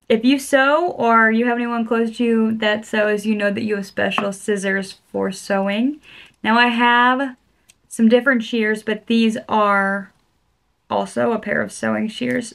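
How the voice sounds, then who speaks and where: A young woman chatting casually as she unboxes gifts, gushing and excitable. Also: on the high side, gravelly. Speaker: book vlogger.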